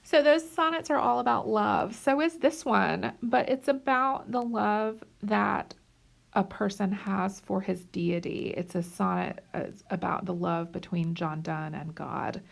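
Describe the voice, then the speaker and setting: Slow, creaky-voiced woman teaching. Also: medium pitch. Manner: unhurried, checks in with "okay?" and "right?". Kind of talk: recorded slide lecture.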